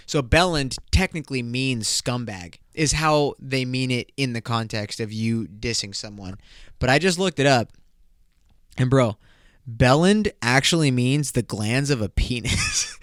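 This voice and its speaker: A man's voice: mid-range voice, slow, smooth, no echo, clean studio sound. A man hosting a podcast in loose, profane, joking casual chat. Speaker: podcast host.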